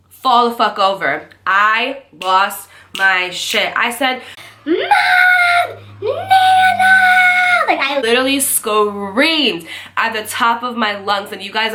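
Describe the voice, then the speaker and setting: A young woman telling a scary story to her viewers, animated and swearing, acting out the voices of the people in it. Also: medium pitch. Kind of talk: storytime chat to camera.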